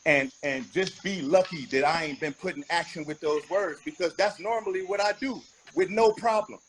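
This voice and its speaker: A man's voice: fairly high pitch, normal speed, fairly bright tone, slight background noise, low-quality recording. A man giving an interview as a rapper, talking bluntly and emphatically, with frequent profanity. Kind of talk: candid interview talk.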